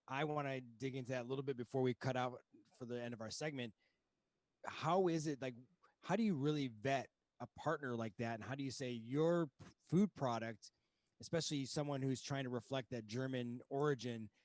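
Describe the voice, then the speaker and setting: A man's voice: mid-range voice, a little mellow, no room sound. Brief: male host, chatty and joking, dry close sound. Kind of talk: podcast interview.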